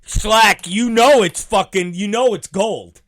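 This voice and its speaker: A man's voice: high voice, slow, a bit bright. A male show host rambling profanely in a casual podcast rant.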